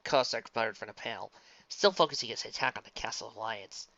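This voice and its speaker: A man narrates a fan story with a bright, forceful voice. The sound is dry and close, with a dull, lo-fi tone. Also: on the low side, a little fast, gravelly, no echo. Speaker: fanfic reader. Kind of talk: dramatic story reading.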